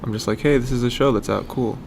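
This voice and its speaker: A man's voice: mid-range voice, steady tone, fast, vocal fry, a little mellow, a little hiss or hum. A young man co-hosting a podcast, chatting casually and joking with his friend, laughing often. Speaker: podcast co-host. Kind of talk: casual chat.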